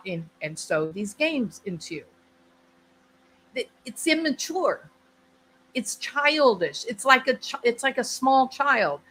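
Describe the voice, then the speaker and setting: A woman's voice: medium pitch, expressive, a little slow, pushed and bright, a little hiss or hum, low-quality recording. A woman hosting her channel, explaining a topic in casual conversation and often checking in with the listener. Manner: conversational, repeats herself, asks "right?". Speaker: channel host.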